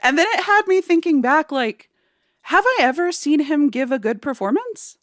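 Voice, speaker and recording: A woman co-hosting a relaxed film podcast, her fairly high voice leaping around in pitch. She talks in an animated, chatty way, and the recording sounds dry, with no room echo. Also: moderate pace. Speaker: podcast co-host. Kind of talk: casual film discussion podcast.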